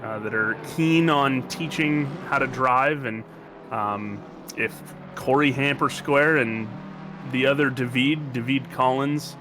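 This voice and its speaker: A man with an American accent giving casual, joking commentary on a sim race. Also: medium pitch. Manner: jokey, rambling, quick to banter. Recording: noisy stream audio.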